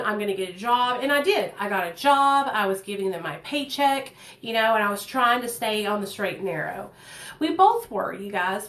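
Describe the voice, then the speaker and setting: A woman's voice: mid-range voice, fairly bright tone. Candid woman telling her story, echoey room. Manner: candid, earnest, addresses viewers as "you guys". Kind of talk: personal storytime. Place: home kitchen.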